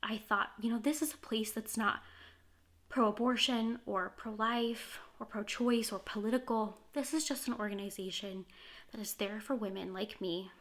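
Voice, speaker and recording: A woman's voice: medium pitch, steady tone, moderate pace, fairly bright tone. A woman sharing a personal story to camera in a candid, heartfelt way. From California, USA. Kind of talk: earnest first-person testimony to camera.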